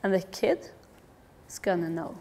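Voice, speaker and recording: A middle-aged woman giving a lively public talk about children's behaviour, with humorous asides. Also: on the low side, unhurried, creaky, slight background noise. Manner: lively, acts out quoted voices, humorous asides.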